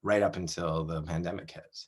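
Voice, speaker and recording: Deep-voiced man in his thirties, chatty. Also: husky. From Canada. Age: 30s. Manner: chatty, animated, quick to laugh, many fillers. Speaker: performer and interview guest. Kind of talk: casual interview chat.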